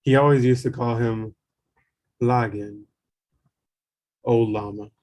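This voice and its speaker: A man reading a spiritual memoir aloud in a calm, measured way. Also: medium pitch. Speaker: reader.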